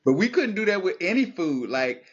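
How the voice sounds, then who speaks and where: A man guest on a podcast, telling childhood stories in a casual, heartfelt conversation, reflective and animated by turns. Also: high-pitched, normal speed, husky, highs cut off. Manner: storytelling, reflective, animated when recalling childhood.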